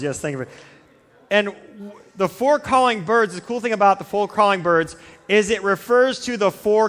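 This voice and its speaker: A man's voice: high voice, a bit bright. A man giving a casual, joking youth sermon that keeps drifting off into tangents and cutting himself short. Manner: rambling, digressive, self-interrupting. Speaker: youth pastor. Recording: long reverb from a large hall.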